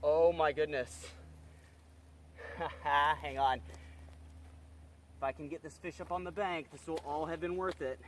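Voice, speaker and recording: A young man filming a fishing vlog outdoors by a creek, talking straight to his viewers with excitable energy. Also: fairly high pitch, measured pace, pauses often, slight background noise. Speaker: wildlife vlogger.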